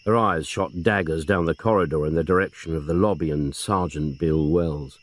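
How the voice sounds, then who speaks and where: Man, low voice, lively expressive narration, dry storytelling. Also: moderate pace. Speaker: reader. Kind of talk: scripted narration.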